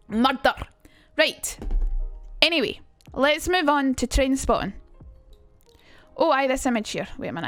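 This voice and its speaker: Young Scottish woman, casual streamer, talkative and swears a lot, high-ish voice, faint music under her. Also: a bit bright. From Scotland. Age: young adult. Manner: chatty and sweary, reading chat aloud. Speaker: streamer teaching accents.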